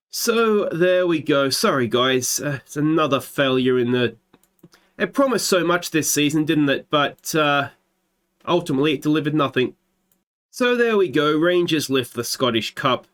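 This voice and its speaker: A fairly high-voiced Australian man narrates his football management game like a match commentator. He talks casually into a desk microphone and rises into excited shouting when chances come. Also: normal speed. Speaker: let's play host. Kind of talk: gameplay commentary.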